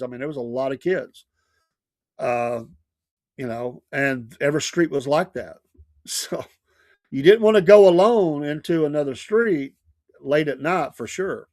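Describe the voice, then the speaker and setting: Man, middle-aged, radio host; casual storyteller who laughs a lot, slightly high pitch, dry close sound. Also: dry recording. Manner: laughs often while telling stories.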